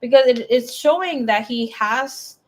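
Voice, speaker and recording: A woman's voice: fairly high pitch, unhurried. A woman giving a casual tarot reading in a chatty, blunt way, swearing freely as she talks. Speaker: tarot reader.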